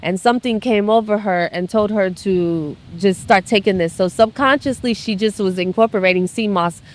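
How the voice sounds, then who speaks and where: A woman in casual conversation who tells a story in a halting way, with many fillers and restarts. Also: medium pitch.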